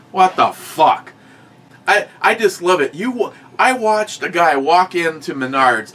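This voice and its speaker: A man's voice: on the high side, unhurried. Profane, ranting man. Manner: ranting, profane, animated storytelling. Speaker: podcast co-host. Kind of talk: casual chat.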